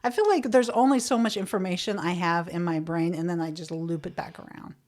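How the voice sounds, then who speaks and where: A woman's voice: lowish voice, a little fast, a little mellow. A woman in her late thirties, a comedian co-hosting a podcast, chatting casually and rambling off mid-thought. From Florida.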